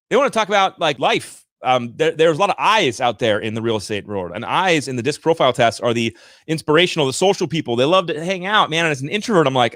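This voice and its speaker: A man in his thirties hosting a livestream, giving an energetic, emphatic motivational rant on sales and talking straight to his viewers. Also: mid-range voice, dry recording, studio quality. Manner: energetic, emphatic and ranting, addresses viewers directly. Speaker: livestream host and sales coach.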